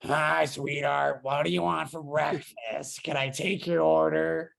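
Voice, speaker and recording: A man imitating a slow-drawling older woman waitress in a podcast bit. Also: on the high side, fairly even intonation, gravelly, a bit bright, full character voice. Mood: sugary.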